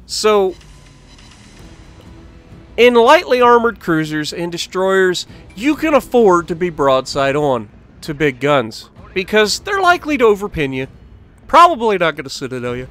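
A man's voice: high voice, a little slow, faint music behind. A man giving casual, joking commentary over his own gameplay and talking to the viewers. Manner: animated, joking, talks to the game and viewers. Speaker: gaming channel host.

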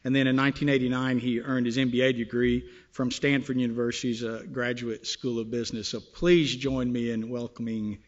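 A man introduces the next speaker at an event, stumbling over fillers as he reads the bio. His pitch sits mid-range. The sound is a bit muffled and lo-fi. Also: little pitch movement. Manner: halting, many fillers. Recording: slightly dull, lo-fi sound.

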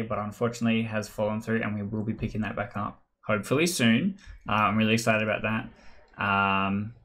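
A man hosts a casual board game video from home, chatting over an online call. His talk is relaxed and rambling, full of small restarts and trailing thoughts. His voice sits at an ordinary middle pitch. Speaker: channel host. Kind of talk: casual chat.

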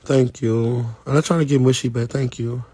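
A man hosting a casual live stream. He talks in a sassy, animated way to his viewers, laughs often, and speaks into a phone mic. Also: medium pitch, moderate pace, slightly rough, no room sound. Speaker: livestream host.

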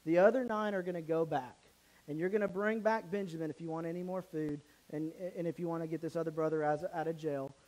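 Speaking quickly with a darkish tone, this higher-voiced pastor gives his church sermon casually and with animation, stumbling and restarting along the way. The audio is poor.

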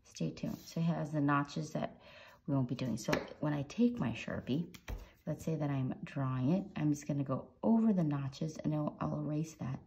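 Chatty low-voiced woman teaching drawing. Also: moderate pace, dark tone, a little hiss or hum. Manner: chatty and encouraging, with playful sound effects. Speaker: drawing tutorial host. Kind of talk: casual drawing tutorial narration.

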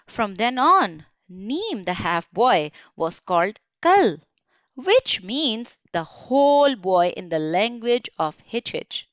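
A woman reading a children's storybook aloud in a gentle, expressive, sing-song way. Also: medium pitch, slow pace, dry recording, highs cut off.

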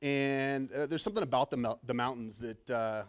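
A man's voice: mid-range voice, normal speed. A middle-aged man from Southern California giving his first conference keynote, telling stories in a casual, self-deprecating and slightly nervous way on a stage microphone. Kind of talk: casual storytelling keynote talk.

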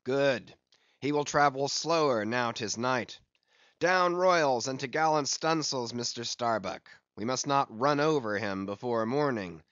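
A man's voice: medium pitch, unhurried, a bit bright, dry recording, muffled recording, natural voice. Ahab, a man voicing a grim old sea captain. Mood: commanding. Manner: declaiming, barking orders.

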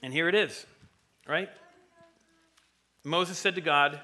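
A man's voice: fairly high pitch, slow pace, pushed and bright. A man preaching a sermon in church, talking conversationally and acting out voices from the stories he tells. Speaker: pastor. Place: church sanctuary.

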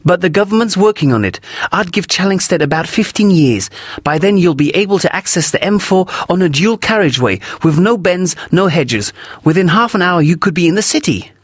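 A man's voice: high voice, animated, fairly quick, husky, no echo, clean studio sound, pitched above the performer's own voice. A man voicing an outspoken young woman who talks emphatically, in a storybook reading. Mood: emphatic.

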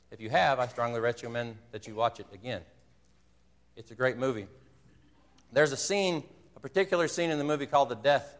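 Male preacher, mid-pitched, earnest storyteller, recorded in a reverberant church hall. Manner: earnest storytelling, retells a movie scene with quoted dialogue. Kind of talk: sermon. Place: church sanctuary.

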